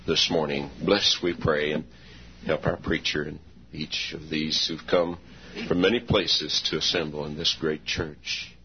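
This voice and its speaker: A man leading a solemn, measured prayer before a sermon in a large church. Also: very deep voice. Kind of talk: public prayer. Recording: dull lo-fi church recording with faint noise.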